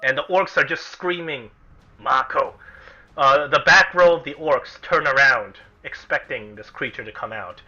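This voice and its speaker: Bright-voiced man running a tabletop game. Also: on the high side, moderate pace, few pauses. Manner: animated, chanting and shouting crowd sounds. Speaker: game master. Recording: dull lo-fi recording with music.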